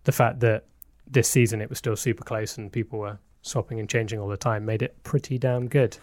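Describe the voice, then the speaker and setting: A man's voice: on the low side, steady tone, fairly quick, a little mellow, no room sound, studio quality. A man co-hosting a casual podcast chat, explaining details at length with a self-mocking streak. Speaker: podcast co-host.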